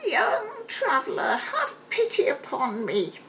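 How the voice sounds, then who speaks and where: A woman's voice: high voice, wildly swooping pitch, slow pace, a bit bright, a little hiss or hum, voice pushed up, exaggerated voice, rough recording. A woman voicing a ragged, pleading old beggar woman in a fairy tale reading.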